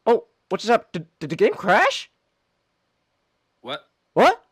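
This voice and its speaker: Excitable high-voiced man streamer. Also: unhurried, breathy edge, dry recording. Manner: excitable, yelps and laughs at the game. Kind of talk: casual gaming stream chat.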